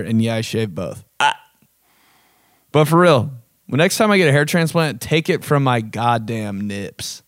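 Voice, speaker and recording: Man host, casual profane comic rambling, dry close sound, everyday pitch. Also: no echo. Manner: rambling, profane, joking, fond of bro and dude. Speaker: vlog host. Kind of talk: casual comedic rant.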